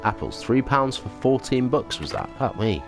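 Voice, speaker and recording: A man's voice: mid-range voice, sing-song, moderate pace. A man doing casual, sarcastic commentary over a video game he is playing, swearing freely. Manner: sweary, sarcastic, jokey asides. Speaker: let's play gamer. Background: game music.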